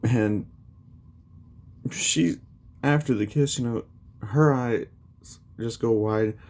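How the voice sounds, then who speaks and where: A man's voice: medium pitch, slow, a little mellow. A man casually retelling a fan story, rambling with many fillers.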